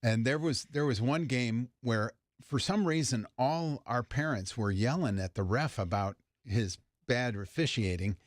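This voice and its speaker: A man's voice: medium pitch, unhurried, few pauses, no echo. Easygoing man telling a story, dry sound. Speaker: radio show co-host. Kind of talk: casual studio chat.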